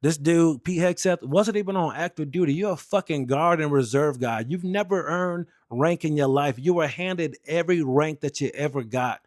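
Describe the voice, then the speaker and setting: A man's voice: on the high side, moderate pace, hardly any pauses, no echo, studio quality. A young American man and Air Force veteran telling stories in a blunt, heated, profane way. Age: young adult. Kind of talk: casual storytelling rant.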